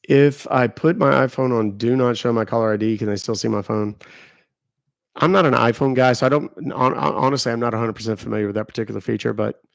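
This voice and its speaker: Middle-aged male host, low fry-edged voice, dry close sound, chatty livestream rambler. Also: fast, no echo. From Texas. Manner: rambling, chatty, answering viewer comments. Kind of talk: casual livestream chat.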